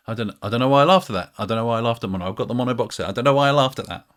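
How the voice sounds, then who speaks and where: A man's voice: mid-range voice, expressive, rapid-fire, fairly bright tone. A British man chatting casually to camera as a music vlogger, rambling and self-mocking, with many ums.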